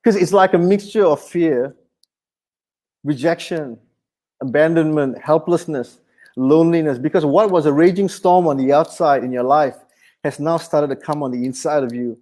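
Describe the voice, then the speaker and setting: A man. His voice sits high for a man. He keeps the sermon conversational and animated, slipping in humor. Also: normal speed. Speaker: pastor.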